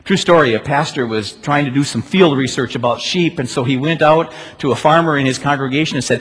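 A man preaching a sermon as pastor, asking rhetorical questions and moving between loud emphasis and quiet, hushed stretches. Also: mid-range voice, fairly quick, hardly any pauses, husky. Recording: long church reverb.

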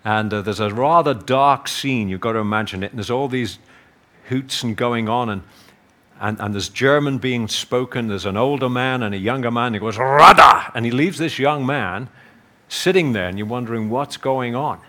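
A man preaching a sermon in a measured way, reading scripture and telling stories with energy. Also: medium pitch. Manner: measured, hushed prayer and lively storytelling.

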